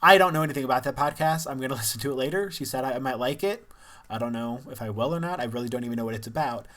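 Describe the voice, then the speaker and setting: A man's voice: mid-range voice, rapid-fire, fairly bright tone. A young man from Missouri talking candidly in a casual personal vlog, rambling and laughing now and then. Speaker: vlogger.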